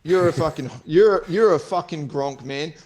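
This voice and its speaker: Australian man, podcast co-host, angry profane rant, slightly raised pitch. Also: moderate pace, a little mellow. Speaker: co-host and fighter. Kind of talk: casual podcast chat.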